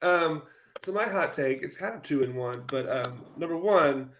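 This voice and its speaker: A man's voice: on the high side, lively intonation, moderate pace, fairly bright tone, slight background noise, low-quality recording. A man sharing thoughtful opinions on a podcast, hesitating and restarting as he goes. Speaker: podcast co-host. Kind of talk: casual chat.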